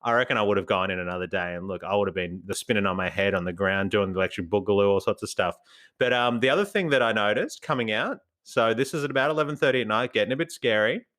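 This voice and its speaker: A man's voice: on the low side, quick pace. A man with an Australian accent, co-hosting a casual podcast chat and telling stories with lots of laughter. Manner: animated storyteller, laughs often, acts out voices. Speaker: podcast co-host.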